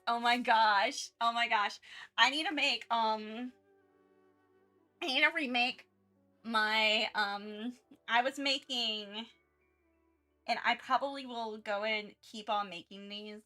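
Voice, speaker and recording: A young woman with a bright, fairly high voice chats while she draws, rambling and laughing at herself. She talks in loose restarts and fillers, with faint music playing behind her. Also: steady tone, takes it slowly, long pauses. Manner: rambling, self-mocking, many fillers and restarts. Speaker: art streamer. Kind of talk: casual chat while drawing.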